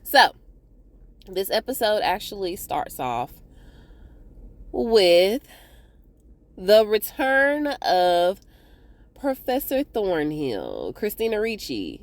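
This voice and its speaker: A woman hosting a casual TV episode recap, chatting to viewers in a slangy, animated way. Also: medium pitch, slow, long pauses, no room sound. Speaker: TV recap host.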